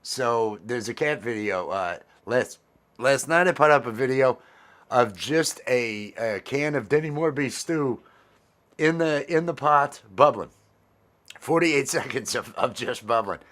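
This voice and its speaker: A man's voice: medium pitch, expressive, measured pace, a bit bright. A man hosting a casual livestream vlog, rambling cheerfully and repeating his phrases as he chats with viewers. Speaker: vlog host.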